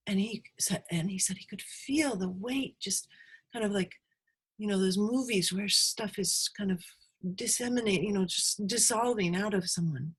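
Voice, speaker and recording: A woman guest on a podcast, speaking softly and reflectively, often slipping into a breathy whisper as she retells a session. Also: mid-range voice, moderate pace. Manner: soft, reflective, retells sessions with quoted dialogue. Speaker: guest healer. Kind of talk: podcast interview, storytelling.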